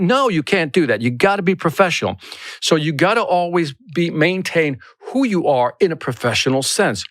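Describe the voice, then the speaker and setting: A man hosting a solo sales podcast, talking in an energetic, emphatic coaching manner. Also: a little high, brisk, no echo, clean studio sound. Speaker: podcast host, sales trainer.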